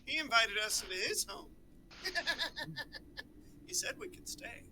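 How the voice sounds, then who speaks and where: A man's voice: very high voice, very animated, measured pace, sharp tone, a little hiss or hum, rough recording. A man playing a tabletop game, chatting casually with a teasing, sarcastic manner. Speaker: player.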